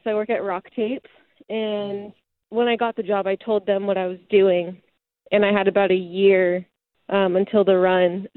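Young woman on a tinny phone line. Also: medium pitch. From California. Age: 20s. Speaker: guest. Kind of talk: casual phone interview. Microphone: phone call.

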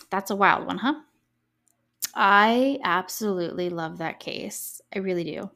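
A young woman talking through a true crime case on her solo podcast. She keeps it loose and conversational, breaking in with sarcastic reactions. Her voice sits at an ordinary middle pitch for a woman. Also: a little slow, sharp tone. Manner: chatty, reactive, sarcastic asides with laughs. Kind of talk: casual solo podcast chat.

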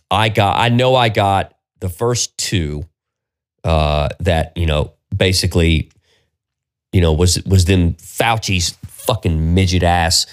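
A man's voice: sits low, smooth. A man hosting a solo podcast, ranting with exasperation and plenty of profanity. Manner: profane, exasperated, animated rant. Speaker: podcast host.

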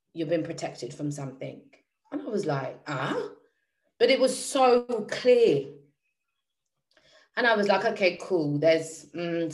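A motivational speaker with a fairly low voice tells her audience a personal story. She's lively, emphatic and slangy, and often repeats phrases for effect.

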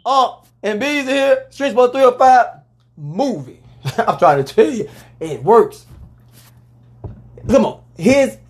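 A man hosting a casual sports talk show, talking in a loose, rambling way and letting out loud whoops. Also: very high-pitched, lively intonation, slow, pauses often.

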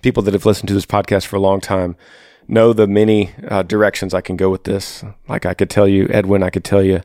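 A man's voice: sits low, flat delivery, quick pace, a little mellow, no echo, clean studio sound. A man hosting a podcast, reading ads and giving earnest, fatherly advice to listeners in a casual way. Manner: earnest, fatherly, repeats himself. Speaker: podcast host.

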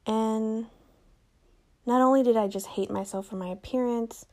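A woman's voice: a little high, fairly even intonation, normal speed, dark tone. A young woman hosting a solo podcast, talking casually, joking and correcting herself as she goes. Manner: chatty, self-correcting, joking. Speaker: podcast host.

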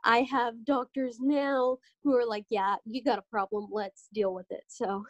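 A young woman hosts a casual podcast, her voice sitting fairly high. She tells stories with lots of animation and jumps into other people's lines as she goes. The sound is close and dry, with no room around her. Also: unhurried, no echo. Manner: animated storytelling, acting out doctors' lines. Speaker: podcast host.

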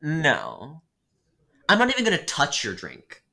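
A man chatting casually on a podcast, telling a story from his job. His pitch jumps around a lot as he acts out both sides of the exchange, and he punches the key lines with exasperation. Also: measured pace, creaky. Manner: animated, acts out customer dialogue with exasperated emphasis. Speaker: podcast co-host.

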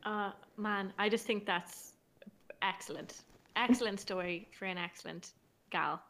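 A woman's voice: mid-range voice, unhurried, fairly bright tone. A young Irish woman in her twenties hosting a podcast, chatty and giggly, rambling with many fillers. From Ireland. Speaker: podcast host. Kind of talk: casual chat.

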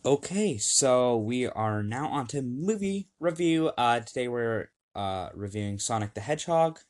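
A man's voice: mid-range voice, expressive, a little slow. A young man hosting a casual home podcast, upbeat and rambling, with many fillers, reading lists off a screen. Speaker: podcast host.

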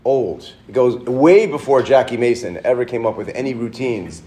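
A middle-aged man, a rabbi, giving an informal Torah lesson to a live class, telling stories in a chatty way and getting lively as he goes. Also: medium pitch, normal speed, slight background noise. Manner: chatty storyteller, lively with rising excitement, self-interrupting.

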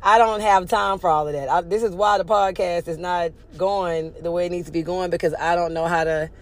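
A woman's voice: on the low side, steady tone, a little fast. A young woman from Houston hosting her own casual podcast, talking candidly with a lot of swearing, in a loose and ranty way. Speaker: podcast host. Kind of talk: casual solo podcast rant.

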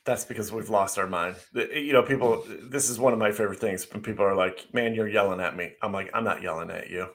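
A man's voice: on the low side, fairly even intonation, quick pace, hardly any pauses. A man co-hosting a casual talk show, speaking bluntly and ranting with frequent laughs. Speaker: podcast co-host. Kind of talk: casual opinionated chat.

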